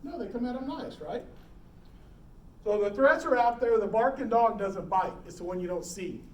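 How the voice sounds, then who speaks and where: A middle-aged man teaching emergency preparedness to a live audience, animated, quizzing the room and acting out scenes. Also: high-pitched, moderate pace. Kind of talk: live classroom talk. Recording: roomy hall, distant mic, faint noise.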